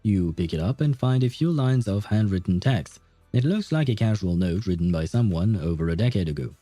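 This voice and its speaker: Game streamer, man, dark mellow voice, lively pitch, chatty with laughs, lozenge in his mouth. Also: fairly quick, no room sound, soft background music. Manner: chatty, laughs and restarts words. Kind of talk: reading game dialogue aloud with commentary.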